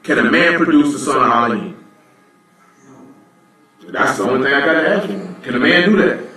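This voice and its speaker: At a religious assembly, a man teaches the Bible informally and bluntly, talking conversationally and frequently asking "you know what I'm saying." His medium-pitched, sharp-toned voice has lively intonation at a moderate pace, heard from a distance in a very echoey room.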